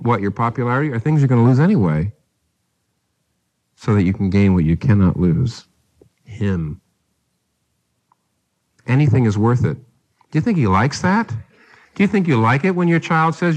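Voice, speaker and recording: Man preaching with emphatic rhetorical questions. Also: mid-range voice. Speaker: pastor. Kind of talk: sermon.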